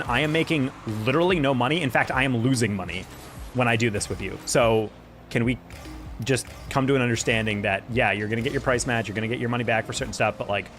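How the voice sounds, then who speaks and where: A man streaming a game and chatting as he plays, rambling along as he vents. He talks at a quick pace in a mid-range voice, with faint music behind him. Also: mid-range voice, fairly bright tone. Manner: rambling, venting, conversational. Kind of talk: casual chat while gaming.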